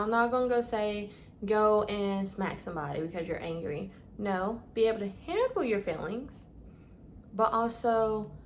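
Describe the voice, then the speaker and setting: A woman's voice: medium pitch, slight background noise. Chatty woman vlogger giving advice. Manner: chatty, calls listeners "babes", stumbles over words. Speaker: lifestyle vlogger. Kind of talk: casual advice vlog.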